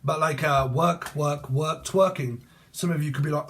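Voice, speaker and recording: A man's voice: a little high, fairly even intonation, moderate pace, a bit bright. A middle-aged British man giving a casual tarot reading, with rambling, crude talk and laughing asides. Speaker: tarot reader.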